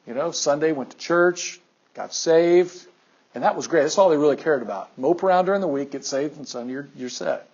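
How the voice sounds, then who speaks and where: A man's voice: on the high side, a little fast, husky. Man teaching a class, lo-fi sound. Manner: animated, asks the class questions. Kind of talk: classroom lecture.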